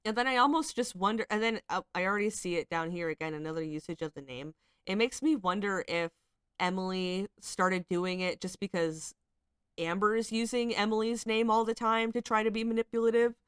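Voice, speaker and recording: A woman's voice: mid-range voice, a little fast, a bit bright, clear, resonant tone, dry recording, studio quality. A woman giving casual, rambling commentary as she reads screenshots, hedging a lot and sounding exasperated and critical. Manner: rambling, hedging with frequent fillers. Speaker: commentary channel host.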